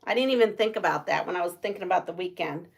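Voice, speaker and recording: A woman's voice: on the low side, fast talker, gravelly, breathy edge. A woman hosting a casual livestream, chatting and laughing with viewers. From United States. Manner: chatty, laughs often, reads viewer comments aloud. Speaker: livestream host.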